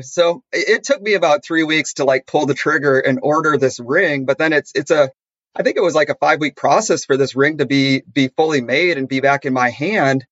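A man co-hosting a podcast in casual chat, telling stories with lively acted-out dialogue. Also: fairly high pitch, a little fast, no room sound, highs cut off. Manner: animated storyteller, acts out quoted dialogue. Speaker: podcast co-host.

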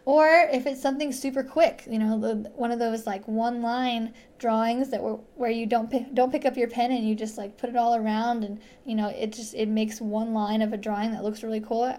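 A woman's voice: on the high side, steady tone, fairly quick, hardly any pauses, dark tone. A young adult woman hosting a casual solo podcast, chatty and rambling, with frequent giggles, fillers and restarts, close on a microphone. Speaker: podcast host. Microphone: studio microphone.

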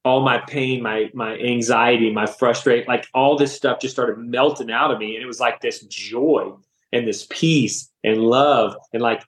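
As a podcast guest, a man in his thirties gives his personal faith testimony, animated, emotional and loaded with casual slang. His voice sits at medium pitch and moves at a measured pace, and the recording carries a roomy echo.

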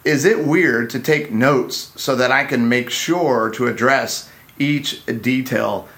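A man's voice: mid-range voice, slow, a bit bright. A man hosting a casual podcast for couples with an easygoing, playful manner. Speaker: podcast host, couples counselor.

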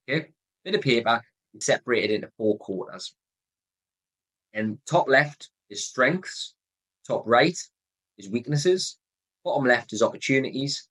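A man's voice: fairly low pitch, a bit bright, breathy edge, rough recording. A man with a Geordie accent hosting his own podcast, explaining a decision method in an earnest coaching way that repeats the key points. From North East England. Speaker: podcast host. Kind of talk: solo podcast advice talk.

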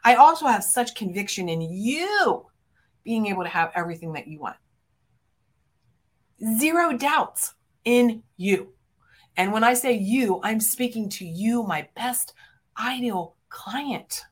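A woman's voice: fairly high pitch, expressive, measured pace. A woman podcast host and business coach giving emphatic, fervent motivational talk, speaking straight to her listeners as friends. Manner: emphatic, fervent, punchy declarations with big swings in loudness; addresses listeners directly as friends.

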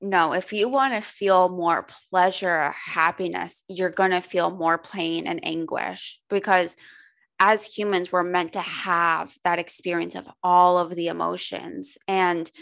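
Woman, coach, low-pitched voice, candid, casual podcast talk, frequent swearing. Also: fairly even intonation, measured pace, vocal fry, a bit bright. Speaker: holistic coach guest.

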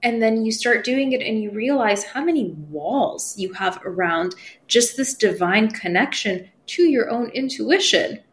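Unhurried and fairly high-pitched, a woman who works as a spiritual medium chats as a guest on a podcast. Her manner is loose and expressive; she voices her inner dialogue aloud and curses casually.

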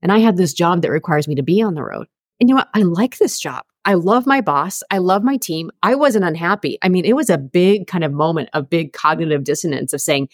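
Female guest, 40s, career coach; candid and conversational, low register, dry sound. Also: animated, a little fast, no echo. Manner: candid, chatty, many fillers. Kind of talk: conversational storytelling.

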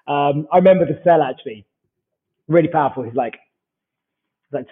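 A man's voice: a little high, brisk, pauses often, slightly rough. A British man in his forties, a startup founder, telling stories in a casual interview and acting out the dialogue as he goes. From United Kingdom. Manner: animated anecdotal storyteller who acts out dialogue. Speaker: startup founder, podcast guest. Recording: tinny phone-like line.

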